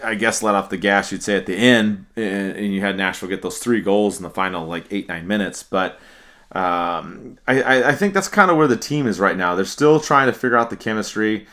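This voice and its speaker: Low, bright-toned man on a hockey podcast. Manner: measured, with repeated restarts. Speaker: podcast co-host. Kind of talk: casual sports podcast chat.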